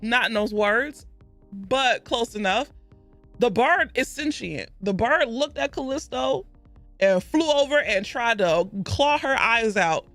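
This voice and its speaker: Book-club vlogger, chatty and rambling, bright tone, faint music underneath. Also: mid-range voice, lively intonation, takes it slowly, no room sound. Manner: chatty and rambling, with self-corrections and asides. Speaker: book club video host. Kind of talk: casual book recap.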